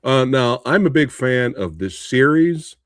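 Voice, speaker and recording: A man's voice: medium pitch, expressive, measured pace, no echo, clean studio sound. A man hosting a casual podcast chat, joking and laughing often. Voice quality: laughs often, jokey, throws in a mock English accent. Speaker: podcast host.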